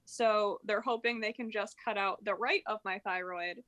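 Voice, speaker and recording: Bright-voiced young woman chatting. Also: mid-range voice, steady tone, moderate pace. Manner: chatty, laughs often, lots of fillers. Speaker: podcast co-host. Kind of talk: casual chat.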